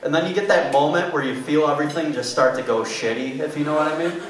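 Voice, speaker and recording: Performing stand-up in a small club, a young man speaks quickly in a fairly high pitch, rambling loosely with lots of fillers. The sound is echoey, picked up by a far-off mic with faint noise.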